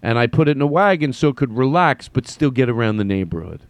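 A man hosting his own podcast, telling a rambling, self-deprecating comic story with halting restarts. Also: medium pitch, very animated, no echo. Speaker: podcast host.

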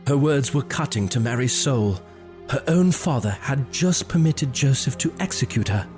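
Male storyteller, mid-pitched, measured and dramatic, soft music behind. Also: lively intonation. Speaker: narrator. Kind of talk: scripted story narration.

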